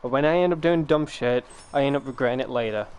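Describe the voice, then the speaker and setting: Young guy streaming, voice keeps cracking, smooth clear tone otherwise, chatty and laughy. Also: medium pitch, quick pace, a little mellow. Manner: chatty, laughs often, restarts words. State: voice cracking and rough. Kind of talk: casual live-stream chat.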